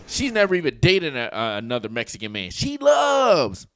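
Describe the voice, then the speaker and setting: A man's voice: medium pitch, very animated, fast, bright, forceful tone, smooth, no echo. Brash joking man reacting to clips. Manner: brash, joking, crude, rambling. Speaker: reaction video host. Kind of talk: casual reaction commentary.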